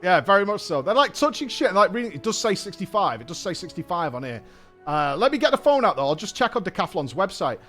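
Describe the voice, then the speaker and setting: A streamer host tells a story in casual chat in a high-pitched voice, talking fast. He's animated, swears, and imitates the people he met, with faint music underneath.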